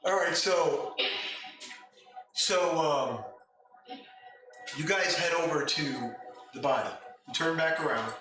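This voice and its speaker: A man narrating as game master in a loose, halting way. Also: fairly high pitch, steady tone, sharp tone. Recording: echoey room, distant mic, music.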